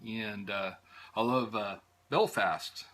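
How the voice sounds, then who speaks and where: An American man telling a travel story in a casual, rambling way, with frequent pauses and restarts. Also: lowish voice, slight background noise. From United States. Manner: rambling, many "uh"s and restarts, warm fondness.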